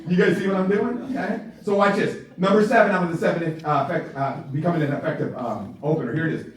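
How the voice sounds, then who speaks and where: A man giving a live sales training talk to a group, animated, laughing often and checking in with his listeners. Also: on the high side, fast talker. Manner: animated, keeps checking in with the audience; laughs often while talking. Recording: very echoey room, far from the mic.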